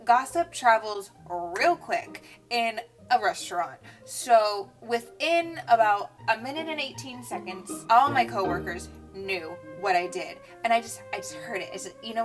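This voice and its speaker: A young adult woman tells a personal story to her vlog audience in a loose, chatty way, leaning on "like" as she goes. Her voice sits in an ordinary middle pitch, with faint music playing behind her. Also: a bit bright. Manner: chatty, lots of "like" fillers. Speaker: vlogger. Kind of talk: casual storytime retelling.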